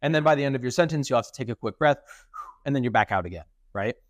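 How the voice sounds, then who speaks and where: A young man co-hosting a podcast, explaining ideas in a casual, teaching manner and shifting his pitch up and down to show his points. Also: expressive, fast talker, no room sound, studio quality. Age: young adult. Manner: explanatory, demonstrates intonation with his own voice. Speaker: podcast co-host.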